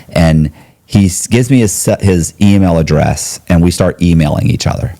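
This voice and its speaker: A man's voice: sits low, fast talker, warm tone. A middle-aged man telling a long story as an interview guest, rambling and slangy, with frequent restarts and swearing.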